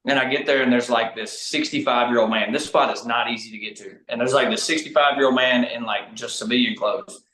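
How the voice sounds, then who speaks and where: A man guesting on a podcast, telling hunting stories in a lively, casual way, speeding up in bursts. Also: medium pitch. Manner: animated, talks fast in bursts, laughs mid-story. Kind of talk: casual storytelling chat. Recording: roomy echo.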